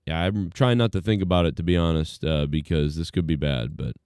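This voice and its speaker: Low, dark-voiced man chatting casually. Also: fairly quick, smooth, dry recording, studio quality. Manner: laid-back, rambling, lots of fillers. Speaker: host of a live-streamed show. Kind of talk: casual live-stream commentary.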